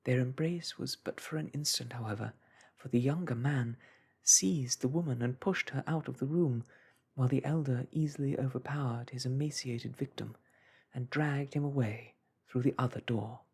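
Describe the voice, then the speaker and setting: A man reading a classic story aloud in a hushed, soothing whisper, as a calm storyteller. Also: medium pitch, moderate pace, creaky, husky.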